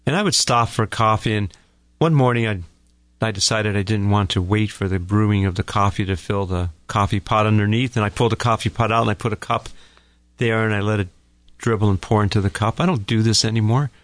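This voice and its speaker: On a radio talk segment, a middle-aged couples therapist shares a personal story, calm and folksy, addressing his listeners as folks. His voice is lowish and brisk, and the recording is dry.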